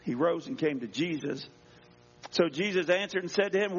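A pastor with a somewhat high, slightly breathy voice preaches at a moderate pace, reading scripture and theatrically voicing its characters. The church setting gives the recording a dull echo.

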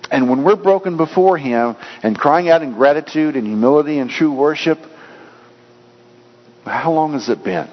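A man preaching a sermon earnestly, often swinging between raised and hushed delivery. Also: mid-range voice. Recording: long reverb, dull lo-fi sound.

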